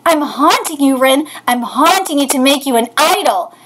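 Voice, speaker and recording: A woman voicing a stubborn, insistent ghost mother who speaks low and slow. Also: animated. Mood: looming. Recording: loud background hiss.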